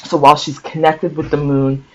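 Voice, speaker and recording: A man reading a story from a book aloud and stopping often to explain and think out loud, checking in with listeners. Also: a little high, dull audio. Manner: conversational, checks in with "okay?" and "right?", thinks aloud. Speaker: book-sharing host. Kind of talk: reading aloud with casual commentary.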